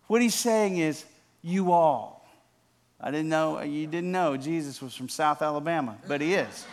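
Male pastor with a high voice, preaching, talks to the congregation by name, quiet passages that build loud. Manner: swings from hushed, slow repetition to loud emphatic build-ups; addresses congregation members by name. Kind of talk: sermon.

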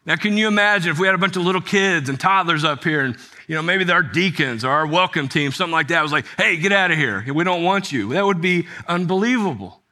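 A male pastor delivers a sermon in a bright, slightly high voice. He talks conversationally, posing rhetorical questions to his listeners and explaining scripture. His tone is forceful and clear. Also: fast talker. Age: adult with children.

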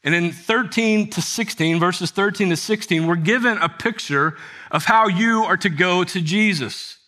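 Speaking at normal speed, a pastor who is an adult with children explains scripture and poses rhetorical questions to his congregation. His voice is bright and slightly high, his delivery conversational yet forceful and clear.

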